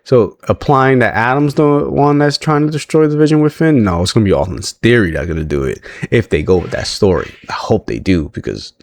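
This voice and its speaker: A man's voice: medium pitch, lively intonation, fairly quick, hardly any pauses. A man recapping a wrestling show in a casual, chatty way, laughing often and restarting his sentences.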